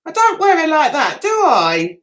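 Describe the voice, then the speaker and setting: A woman chatting on a livestream, rambling and giggly as she talks straight to her viewers. Her voice is high and bright, and it bounces all over the place. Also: wildly swooping pitch, normal speed. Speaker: vlogger hosting a livestream. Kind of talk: casual livestream chat.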